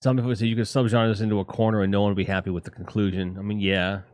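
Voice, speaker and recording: A man with a lowish voice rambles through a casual live stream, swearing freely and tossing out animated opinions. The sound is dry and close, with little room around it. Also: very fast, dry recording. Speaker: streamer host.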